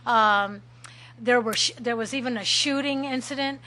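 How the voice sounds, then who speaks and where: A middle-aged woman telling a lively personal story at a recovery meeting, laughing often and acting out shouts. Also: a little high, moderate pace. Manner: animated, laughing, acts out shouted quotes.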